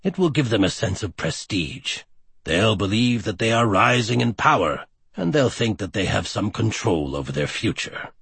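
Picture a smug villain who holds a secret meeting, his voice sinking low and hushed while it still rises and falls with feeling, as a man reads him. The delivery stays slightly husky and completely dry. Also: very animated, moderate pace, no echo, exaggerated voice. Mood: lecturing. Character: scheming male villain leader, calm and smug.

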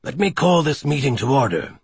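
A man voicing a calm, scheming male villain leader in an audiobook, speaking low, quiet and measured. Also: slightly rough, no echo. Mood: lecturing.

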